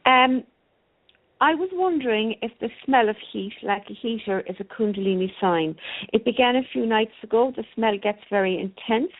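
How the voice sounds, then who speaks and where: A woman with an accent, a co-host who reads listener questions aloud on a broadcast in a steady voice. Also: on the high side, moderate pace. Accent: non-native English. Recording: tinny phone line.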